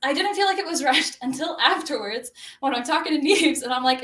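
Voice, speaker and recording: A woman's voice: sits high, animated, a little fast, fairly bright tone, reverberant, recorded from a distance. A woman co-hosting a casual podcast, thinking aloud in a rambling way. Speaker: podcast co-host. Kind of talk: casual chat.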